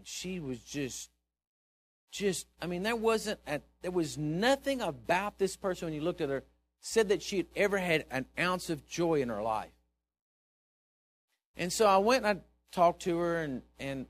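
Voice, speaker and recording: Pastor in church, a bit high-pitched, drops to a hush then shouts it out, fervent sermon storytelling. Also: male voice. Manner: animated storyteller, swings from hushed asides to loud exhortation.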